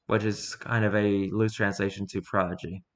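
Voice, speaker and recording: A man's voice: lowish voice, level tone, normal speed. A man reading a fan story aloud, often tripping over words and adding casual asides. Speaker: story reader.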